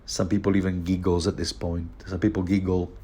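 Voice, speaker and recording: A man talking through a book chapter in a loose, rambling commentary. His voice sits on the low side, and he chuckles and trips over his words as he goes. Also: little pitch movement, fairly quick, dark tone, breathy edge. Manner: rambling, chuckling, many fillers and restarts.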